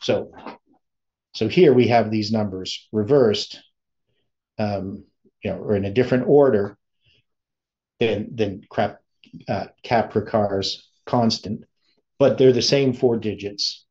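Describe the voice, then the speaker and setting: Slow, halting man teaching a lesson. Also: fairly low pitch, a little mellow. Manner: slow, thinking aloud with many pauses and restarts. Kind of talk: informal study lesson. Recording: dull lo-fi sound.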